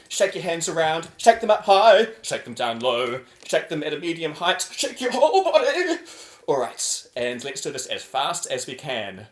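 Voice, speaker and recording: A man leading a choir warm-up over a video call, playful and over the top as he chants drills. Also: medium pitch, echoey room.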